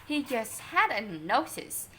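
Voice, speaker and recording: A woman reading a children's story aloud in an expressive, unhurried way. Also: on the high side, heavy background noise.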